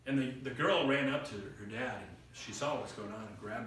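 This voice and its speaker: A man's voice: mid-range voice, fairly quick, fairly bright tone, a little hiss or hum. A middle-aged man preaching a sermon, telling stories with acted-out quotes and rising emphasis. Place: church hall. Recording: echoey room picked up from far off.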